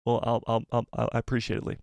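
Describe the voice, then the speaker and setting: Animated male live-stream host, dry sound. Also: medium pitch, rapid-fire, creaky, no room sound. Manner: animated, exclaiming, repeats himself. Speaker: host of a live fan show. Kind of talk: casual live-stream chat reading donations.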